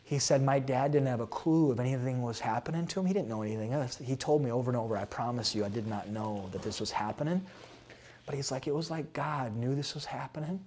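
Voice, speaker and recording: Expressive male pastor telling a story. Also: medium pitch, quick pace, slight background noise. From South Dakota. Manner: animated, expressive storyteller who laughs at his own stories. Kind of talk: sermon-style storytelling talk.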